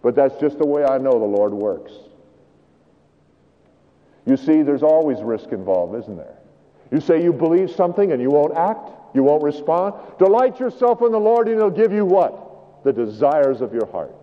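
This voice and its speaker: A man preaching a sermon as pastor, animated, his voice climbing high and then falling to a hush. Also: normal speed. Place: church. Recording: dull recording with long hall reverb.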